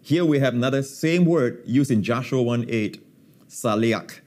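A man preaching to his hosts in a lively, emphatic way. He leans hard on single words and repeats them, and he fills the pauses with plenty of uhs. His pitch sits in the middle for a man. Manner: emphatic, repeats key words, frequent uh fillers. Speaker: pastor and guest. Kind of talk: teaching sermon in a talk-show interview.

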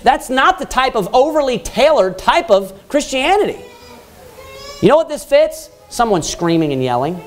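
A man preaching a fiery sermon. He reads scripture in a loud, drawn-out preaching cadence and adds quick casual asides between the readings. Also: high voice.

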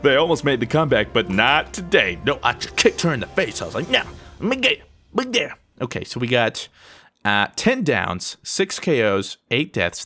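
A man's voice: mid-range voice, moderate pace, soft background music. A young man giving live commentary on a game he is playing, yelping when startled and making cocky asides to viewers. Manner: excitable, yelps and squeals when startled. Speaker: gaming video host.

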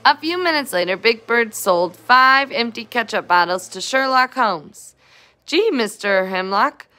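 A woman reads a children's picture book aloud at an unhurried pace, in a fairly high voice. She stops now and then for chatty asides to her young listeners. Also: expressive, bright, forceful tone. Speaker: storybook reader.

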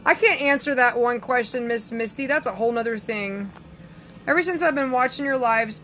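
Southern woman psychic, brash and chatty, bright edgy tone, faint room hiss. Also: on the high side, moderate pace. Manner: sassy, brash, reads viewer comments aloud. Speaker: psychic answering live chat. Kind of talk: casual live-stream chat.

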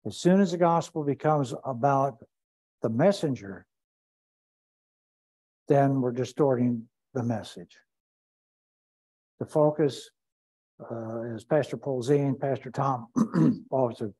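Man, pastor, bible study teaching, deliberate, repeats phrases, dark mellow voice. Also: mid-range voice, low-quality recording.

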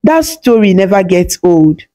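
A woman voicing an affectionate young village husband who speaks softly in a storybook tale. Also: mid-range voice, sing-song, measured pace. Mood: gentle. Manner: soft, gentle.

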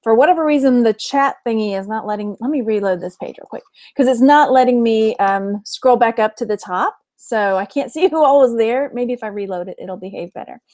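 Woman in her forties, livestream host, chatty, fairly high voice, dry close sound. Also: brisk, darkish tone, no room sound. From Texas. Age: 40s. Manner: chatty, greets viewers by name, frequent laughs. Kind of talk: casual livestream chat.

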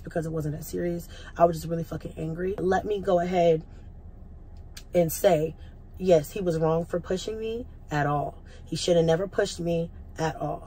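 A woman's voice: fairly low pitch, a little mellow, a little hiss or hum, poor audio. A young woman vlogger bluntly recounting a heated story to her viewers, cursing freely, rambling and restarting her sentences. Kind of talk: casual storytime vlog.

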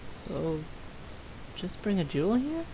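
A woman reading a shy young girl from a game, soft and unsure, talking slowly in a lowish voice. Faint hiss sits under the recording. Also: very animated, vocal fry, heavily acted, low-quality recording. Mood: hesitant. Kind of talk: reading game dialogue aloud.

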